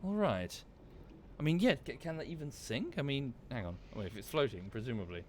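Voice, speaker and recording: Guy streaming a game at home, thinks out loud, voice bounces around a lot, faint hiss behind. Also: mid-range voice, animated, a little fast. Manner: thinks aloud, muttering asides and self-corrections. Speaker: gaming streamer. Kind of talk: casual live-stream commentary.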